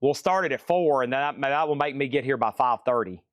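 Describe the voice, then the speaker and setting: A man's voice: mid-range voice, fairly quick, dry recording, studio quality. A man hosting a live-streamed record auction, joking around and repeating items and prices. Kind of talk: live-stream sales patter.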